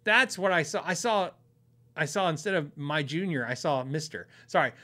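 A man's voice: on the high side, moderate pace, pushed and bright. A man hosting a podcast, telling stories in a rambling, casual way and chuckling often. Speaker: podcast host.

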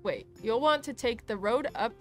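A helpful, welcoming village innkeeper giving directions, as a woman reads the lines aloud. The voice is fairly high, with game music clearly audible underneath. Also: expressive, normal speed, fairly bright tone. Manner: reading game dialogue aloud in her own voice.

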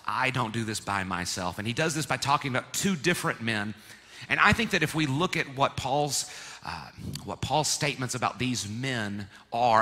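Bright-voiced pastor preaching in a reverberant church. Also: male voice, mid-range voice. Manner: lively, playful teaching, leads congregation in repeating words. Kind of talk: sermon. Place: church sanctuary. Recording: long hall reverb of a church.

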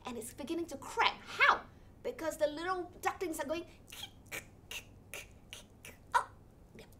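Female workshop leader, bright animated storyteller for children. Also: very high voice, a little fast, slight background noise. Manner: animated, sing-song, with sound effects.

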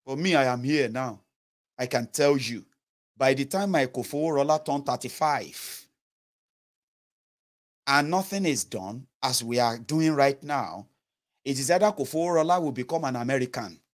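A man's voice: medium pitch, expressive, moderate pace, pauses often. A man in his thirties with a Nigerian Yoruba accent, giving an earnest, pleading political monologue straight to his viewers and slipping into Pidgin. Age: 30s. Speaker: political commentator. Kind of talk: impassioned direct-to-camera monologue.

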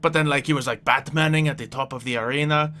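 A man's voice: mid-range voice, fairly even intonation, sharp tone, a little hiss or hum. A man playing his character in a Minecraft roleplay, speaking formally and measuredly. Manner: formal, measured, often addresses the other by name. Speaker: roleplay player.

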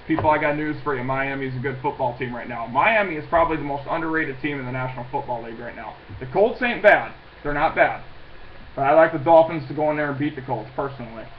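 Guy ranting his football picks, kinda high voice, muffled lo-fi sound w/ faint hiss. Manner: blunt, scornful, swears, restarts a lot. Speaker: sports pundit giving weekly picks. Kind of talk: casual ranting sports predictions.

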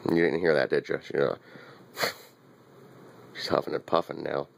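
A man's voice: extremely low pitch, steady tone, moderate pace, vocal fry. A man giving a wry, teasing running commentary as he films his little dog, often repeating himself. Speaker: dog owner filming his pet. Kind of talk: casual running commentary to camera.

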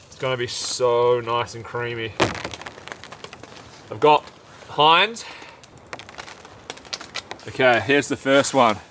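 Sheltering from the rain at a campsite, a young man records a casual camping vlog, speaking slowly with long pauses in a medium-pitched voice. He stays upbeat and chatty while eating, as heavy rain pours steadily around him and a fire crackles in the background.

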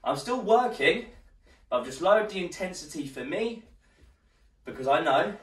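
An encouraging man leads a workout class, a little breathless as he moves along with it. His lively voice rises and falls as he counts down the rounds. The room is echoey and he sounds some way from the mic. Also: fairly high pitch, moderate pace. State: slightly out of breath. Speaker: fitness instructor. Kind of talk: live workout class instruction. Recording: roomy echo, distant mic.

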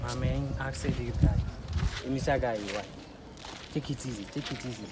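A man with a Ghanaian accent doing an improvised comedy skit, loud and switching between Twi and pidgin English. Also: mid-range voice, a little fast, very noisy.

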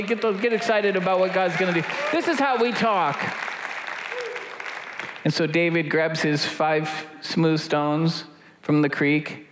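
High-voiced preaching pastor, echoey room. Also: male voice, a faint crowd. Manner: builds to shouted, high-pitched preaching, then drops low and slow. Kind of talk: sermon. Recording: echoey room with faint noise.

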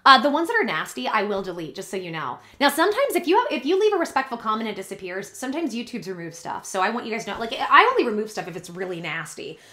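A woman's voice: fairly high pitch, big pitch swings, fast, few pauses, pushed and bright. A woman YouTuber talking to her viewers in an emotional confessional vlog, earnest and rambling, close to tears.

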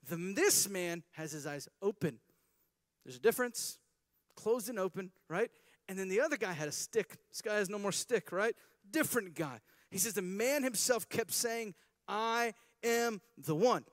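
Man, preacher, sermon, acts out story voices, higher pitch, dry recording. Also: moderate pace, no echo. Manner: animated storytelling, acting out voices of biblical characters. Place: chapel service.

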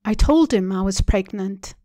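A woman reading aloud, voicing a quiet teenage girl in a spoken story with a soft, subdued delivery. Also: mid-range voice, expressive, a little slow, no echo, studio quality, close to an everyday voice.

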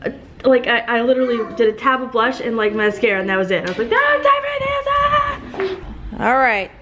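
A woman's voice: on the high side, fairly even intonation, fast, noisy background. A woman, a mother and vlog host, chatting casually to the camera outdoors and slipping into a sing-song baby voice with her kids and puppies. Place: outdoors in a neighborhood street.

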